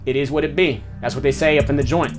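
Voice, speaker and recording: Man, slangy, lively storyteller, fairly high voice. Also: quick pace, faint music behind. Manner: street slang, animated retelling with repeated phrases. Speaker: former inmate telling stories. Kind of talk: casual storytelling.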